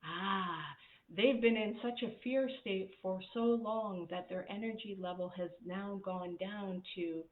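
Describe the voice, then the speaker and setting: A woman's voice: medium pitch, a little slow, roomy sound, phone-quality sound, a little hiss or hum. A woman coach giving a casual, candid talk about workplace behaviour, chatty and self-mocking, with casual swearing.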